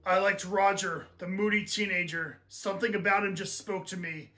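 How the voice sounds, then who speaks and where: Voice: mid-range voice, fairly even intonation, moderate pace, sharp tone. A performer delivering earnest, exaggerated lines in a comedy skit.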